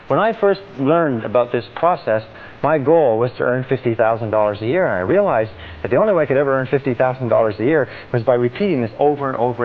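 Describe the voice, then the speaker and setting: A man delivers a motivational seminar talk, leaning on words and repeating key phrases with different stress. The recording is thin and tinny like a phone line, with a faint hiss underneath. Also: mid-range voice. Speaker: seminar speaker.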